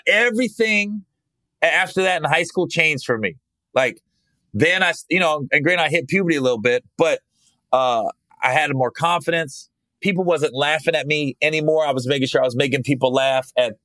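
A podcast host telling profane, animated stories from his youth in a casual way, acting out what people said. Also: a little high, no echo. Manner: profane, animated, acts out quotes. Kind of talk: casual storytelling.

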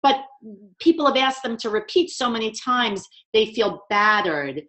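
A woman's voice: fairly high pitch, expressive, measured pace, a bit bright. Emphatic woman with a New York accent. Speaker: communication trainer. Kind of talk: webinar conversation.

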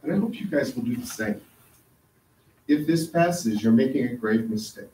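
A man's voice: mid-range voice, lively intonation, moderate pace, dark tone, a little hiss or hum. Insistent man addressing officials in an echoey hall. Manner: earnest, insistent, confronting officials. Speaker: resident speaking at public hearing. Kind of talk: public comment at a council meeting. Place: council chamber. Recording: echoey hall, mic from a distance.

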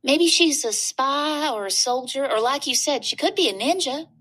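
A woman's voice: high-pitched, lively intonation, normal speed, a bit bright, pitched above the performer's own voice. A woman reading a storybook aloud, voicing a shy young girl who is eager to impress a new friend.

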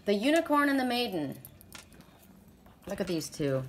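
A woman's voice: mid-range voice, big pitch swings, moderate pace. A woman with a sore throat giving a casual, rambling oracle card reading, stressing her points with many restarts.

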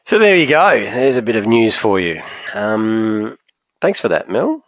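A man's voice: on the low side, big pitch swings, unhurried, no room sound. A man hosting a casual podcast chat in an easygoing, agreeable way. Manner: easygoing, agreeable, lots of "yeah". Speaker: podcast host.

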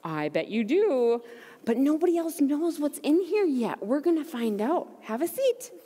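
A young adult woman leads a children's message in church, upbeat and gentle, asking the kids simple questions. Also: sits high, big pitch swings, unhurried. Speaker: children's ministry leader. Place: church sanctuary. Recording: long church reverb.

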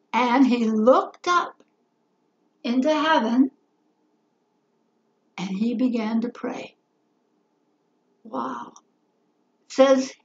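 A woman's voice: high-pitched, a little mellow. A woman teaching a children's Bible lesson, telling the story expressively and asking her listeners questions. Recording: roomy, slightly dull recording.

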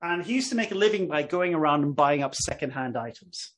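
A middle-aged male professor lecturing to a live audience. He talks in a loose, conversational way, spins a story and checks in with "okay?". His voice sits a little higher than most men's. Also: expressive, fairly quick, a bit bright.

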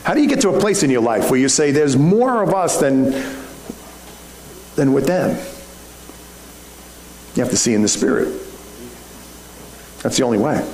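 A man's voice: mid-range voice, very animated, moderate pace, long pauses, darkish tone. A male pastor preaching a sermon in a conversational style, full of rhetorical questions. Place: church sanctuary. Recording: echoey room, faint background hum.

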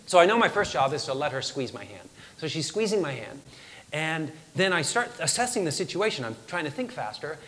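Guy doing a motivational talk, high bright voice, animated storyteller poking fun at himself. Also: brisk, in a large hall. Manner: animated, self-deprecating storyteller who acts out his own lines. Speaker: motivational speaker.

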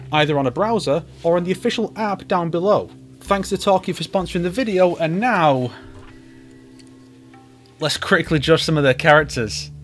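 A man hosting a YouTube video, giving comedic commentary with wry, sarcastic asides. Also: on the high side. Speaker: YouTuber host.

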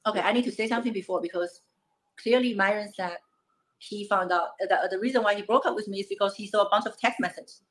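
A woman's voice: medium pitch, fast, poor audio. A woman guest talking heatedly and defensively, cutting in to tell her side. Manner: agitated, defensive, talks over others. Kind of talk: heated call-in talk.

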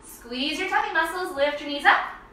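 A woman's voice: very high-pitched, normal speed, sharp tone, recorded from a distance. A woman teaching children yoga, playful and sing-song, with animal noises and cheers. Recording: echoey room, voice from off-mic.

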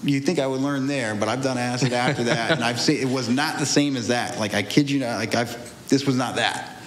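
A young man tells his story in a loose, rambling way, circling back and restarting his sentences. His voice sits at an ordinary middle pitch. It echoes in a roomy space with a long reverb tail and faint ambient noise behind it. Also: a little fast. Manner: rambling, restarts often, laughs through hard memories. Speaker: guest sharing a testimony. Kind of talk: candid conversational testimony.

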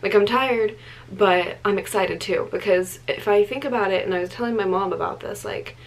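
A woman's voice: mid-range voice, moderate pace, poor audio. A young woman chatting casually to camera in a vlog, tired, rambling with lots of ums and likes. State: tired late at night. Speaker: vlogger.

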